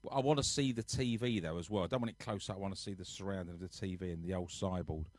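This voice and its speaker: Low-pitched and fast-talking, this man is a live-stream host and musician recorded with no room sound. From the sofa at home, he rambles casually to his audience and reads their comments aloud.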